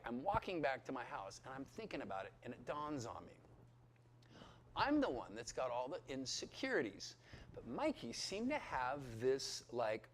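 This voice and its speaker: A man in his fifties giving a personal testimony to a crowd. His voice sits high and swings widely in pitch. He tells the story in an animated, chatty way and keeps checking in with his listeners. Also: a little hiss or hum. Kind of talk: lively storytelling testimony to an audience.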